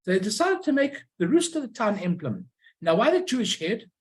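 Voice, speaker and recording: A middle-aged woman gives an informal illustrated lecture on postcards, often pausing to find her words and sharing anecdotes. Her medium-pitched voice is very animated, though the audio is poor.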